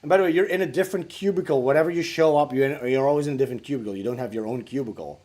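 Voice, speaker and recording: A man's voice: medium pitch, rapid-fire. A man on a livestream telling crude, rambling stories full of swearing and laughter as he answers viewer questions. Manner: acts out callers in louder voices. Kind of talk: casual livestream chat.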